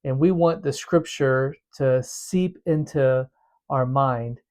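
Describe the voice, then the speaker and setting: A man's voice: mid-range voice, slow, a little mellow. A man teaching a devotional method in a casual, earnest way, often repeating words as he explains.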